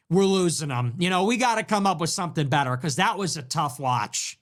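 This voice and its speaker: Running his own livestream, this young political streamer mocks the news through sarcastic jokes and rants. He sounds animated, with a slightly high voice at a moderate speed.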